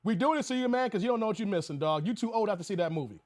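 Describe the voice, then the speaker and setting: Laughing, high-voiced streamer in a dry room. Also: male voice, rapid-fire, dry recording. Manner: animated, laughing, quoting movie lines. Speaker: live stream host. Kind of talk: casual live stream chat.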